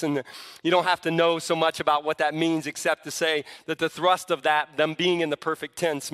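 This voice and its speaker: A male pastor with a bright, forceful, fairly high voice delivers a sermon. He teaches conversationally and then presses his points with fervent emphasis. The sound rings with the long reverb of a big church sanctuary. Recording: long reverb of a large hall.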